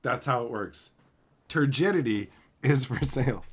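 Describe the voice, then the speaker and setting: At a normal speed and with a breathy edge, a livestream host goes through viewer comments, bragging jokingly and cursing freely while addressing people as bro and son. He swings lively in pitch and volume and mock-shouts at times.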